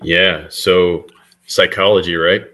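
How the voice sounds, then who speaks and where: A middle-aged man with a low voice and a bright, forward edge talks as a guest in an interview. He tells his stories earnestly and conversationally, as a practiced speaker would. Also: fairly even intonation, takes it slowly. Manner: earnest anecdotal storyteller. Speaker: guest author and leadership speaker. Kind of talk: conversational storytelling.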